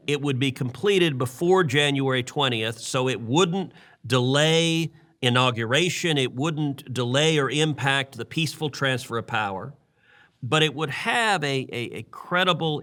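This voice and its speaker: Bright-voiced man in earnest political talk. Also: medium pitch. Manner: earnest, repeats words while building a point. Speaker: podcast co-host, senator.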